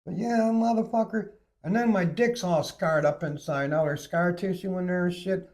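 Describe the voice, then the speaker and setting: A man with a slightly higher voice rambles through a crude story, swearing freely. His speech is loose and conversational, full of restarts and asides. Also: moderate pace, a little mellow. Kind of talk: casual storytelling.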